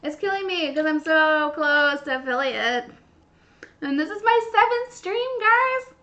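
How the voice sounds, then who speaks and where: A woman hosting a baking livestream, chatting casually and gushing with excitement. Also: high-pitched, unhurried. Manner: bubbly, gushing, squealing with excitement. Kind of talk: casual live-stream chat while baking. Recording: dull lo-fi stream audio.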